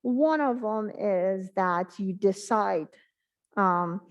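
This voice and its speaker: A woman giving a math exam review in an online class, talking in a halting way and thinking aloud with many pauses and fillers. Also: mid-range voice, muffled recording. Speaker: math instructor.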